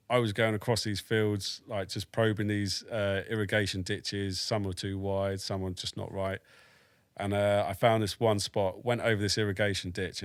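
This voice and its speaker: British ex-soldier around forty, blunt and dry-humoured, lowish voice, close dry studio sound. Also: male voice, dry recording. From United Kingdom. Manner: frank and matter-of-fact, swears, dry humour. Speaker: army veteran guest. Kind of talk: casual storytelling in a podcast interview.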